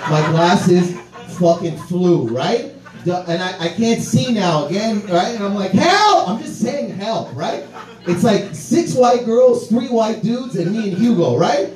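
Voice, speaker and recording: A man with a high voice tells a rowdy comic story, swearing freely and laughing through his lines. He sits back from the mic, and the room adds a roomy echo. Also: unhurried, distant mic. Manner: animated, profane, laughs through his words.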